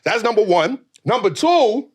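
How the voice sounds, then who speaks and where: A man hosting a podcast, talking in a casual comedic chat with animated, profane, joking rants. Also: high voice, unhurried, slightly rough. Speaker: podcast host.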